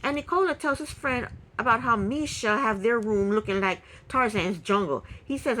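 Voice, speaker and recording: High lively woman ranting through a tv recap, opinionated, bit of hiss behind. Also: rough recording. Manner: opinionated, indignant commentary with quick asides. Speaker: reality TV recap vlogger. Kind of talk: casual spoken recap.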